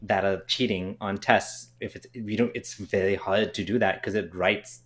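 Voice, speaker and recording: Man, co-host, lowish voice, emphatic, casual chat. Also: fairly even intonation, moderate pace. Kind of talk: casual live-stream chat.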